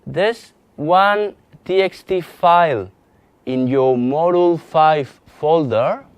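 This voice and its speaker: Man, Spanish accent, software instructor, slow delivery, halting with fillers and restarts, dry close recording. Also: a little high, clean tone, dry recording. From Spain. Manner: halting, many restarts and fillers while demonstrating on screen. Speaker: GIS instructor. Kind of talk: live software training lesson.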